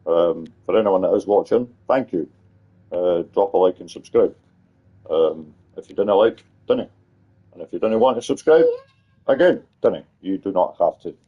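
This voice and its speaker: A man's voice: deep voice, expressive, normal speed, slightly rough, highs cut off. A man streaming casually, talking in a playful, rambling, fatherly way. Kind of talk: casual stream chat with his child.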